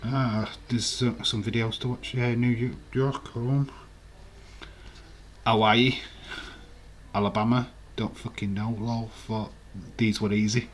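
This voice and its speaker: A man with a middle-pitched, ordinary voice runs a casual quiz live stream, chatting away and reading out viewers' guesses. He talks loosely and swears now and then. A faint background noise sits under his voice. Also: little pitch movement, slow, pauses often.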